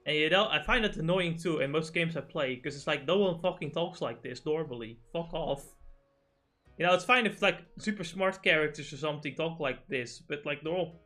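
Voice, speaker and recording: A man's voice: fairly high pitch, sharp tone. A man streaming a video game, chatting casually with a friend, swearing a lot and mocking the dialogue. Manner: profane, ranting, reads game dialogue aloud mockingly. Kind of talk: casual gaming chat.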